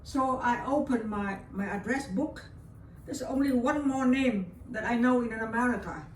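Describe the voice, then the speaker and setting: A woman's voice: fairly high pitch, normal speed. An older woman from Vietnam with a Vietnamese accent, speaking English as a second language as an interview guest, telling a personal story with feeling and often repeating her words. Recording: roomy and distant with faint background hiss.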